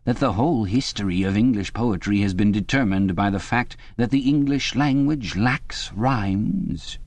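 A man voicing a vague, pedantic middle-aged male poet in a prison cell, in a higher, drawn-out, fussy voice. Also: darkish tone, no room sound. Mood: musing.

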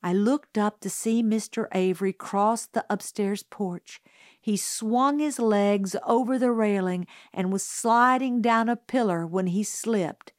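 A woman reads a novel aloud in the first person, taking her time over each sentence. Her voice sits at a middle pitch and stays close and dry on the mic. The delivery is even storytelling. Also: dry recording. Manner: slow, unhurried storytelling. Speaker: audiobook narrator. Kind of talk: scripted first-person narration.

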